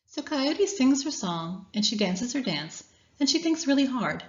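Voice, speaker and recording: A woman reading a children's story aloud as a guest speaker, with expressive storytelling. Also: high voice, a little slow, highs cut off.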